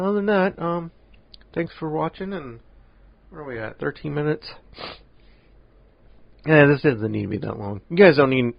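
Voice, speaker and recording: A man's voice: mid-range voice, creaky, dry recording, dull audio. A man hosting a casual solo podcast, rambling and joking at his own expense. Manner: rambling, joking, self-deprecating. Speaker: podcast host.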